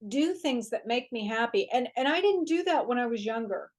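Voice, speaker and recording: Woman, talk-show guest, somewhat high voice, lively and chatty, lots of fillers. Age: older adult. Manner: animated, chatty, quick to laugh, many fillers. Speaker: guest author. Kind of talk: casual conversational interview.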